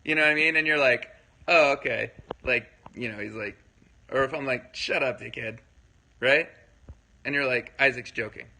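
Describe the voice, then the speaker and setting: A man with a mid-range voice speaks fairly quickly in a pushed, bright tone, and the low-quality recording carries a little hiss or hum. He's hosting a casual livestream, chatting loosely with viewers and answering their comments. He rambles, fills his talk with fillers, and keeps checking in with his listeners.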